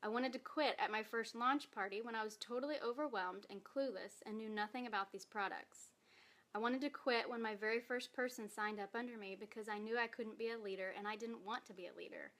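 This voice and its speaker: A woman's voice: on the high side, a little fast, a bit bright. A woman giving an earnest, emotional personal testimony in a vlog, reading from her own post while holding back tears. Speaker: direct sales distributor.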